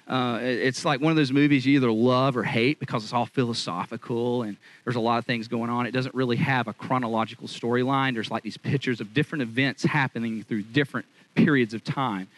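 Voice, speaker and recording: A male pastor preaching in a loose, conversational way, animated and chatty. His voice sits at a middle pitch and sounds dry and close. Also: a little fast, few pauses, no echo, poor audio. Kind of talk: conversational sermon.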